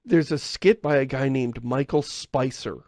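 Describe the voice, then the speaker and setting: A man's voice: medium pitch, a little slow, darkish tone, no echo, clean studio sound. A man co-hosting a podcast in casual chat, rambling and correcting himself as he goes, often chuckling. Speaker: podcast co-host.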